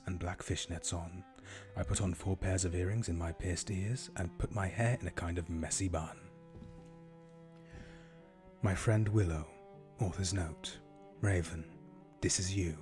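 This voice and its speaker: A man reading a fan story aloud in a deadpan voice, with groaning asides between chapters. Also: low-pitched. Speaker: streamer reading a fanfic aloud. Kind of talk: mocking dramatic reading.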